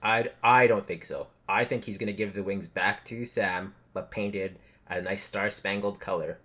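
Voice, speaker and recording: Man on a podcast, husky voice, lowish pitch, easygoing chat. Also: steady tone, normal speed, sharp tone. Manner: easygoing, argues his point then concedes. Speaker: podcast co-host. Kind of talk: casual show discussion.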